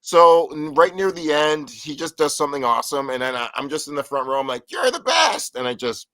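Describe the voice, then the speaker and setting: A man casually telling a lively story on a live talk show, acting out what people said with sudden jumps in pitch. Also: brisk, dry recording. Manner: animated, acts out quotes with big pitch jumps. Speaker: co-host.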